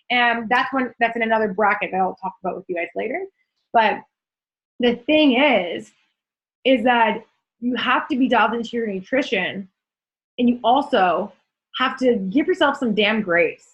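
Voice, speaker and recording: Casting: young woman fitness coach, upbeat and casual, slightly high voice, muffled call audio. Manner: energetic, chatty, swears casually. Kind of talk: casual motivational talk on a group call.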